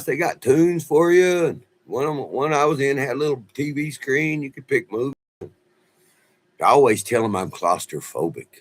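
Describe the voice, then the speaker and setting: A man's voice: lowish voice, husky. A man telling a rambling, folksy story on a casual livestream, laughing often. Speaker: livestream host. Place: off-grid home.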